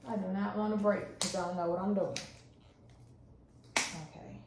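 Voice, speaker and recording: A woman chatting excitedly to her viewers while setting things up at home, talking herself through each step. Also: mid-range voice, normal speed. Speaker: small business owner and stay-at-home mom. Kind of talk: casual vlog chat. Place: at home, indoors. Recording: roomy echo, faint background noise.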